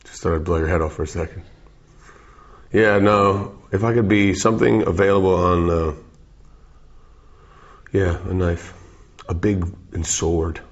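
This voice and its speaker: A man's voice: deep voice, fairly even intonation, unhurried, long pauses. A man in his forties, a musician, giving goofy, wandering, self-interrupting interview answers. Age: 40s. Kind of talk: rambling, joking interview answers. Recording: dull, lo-fi recording.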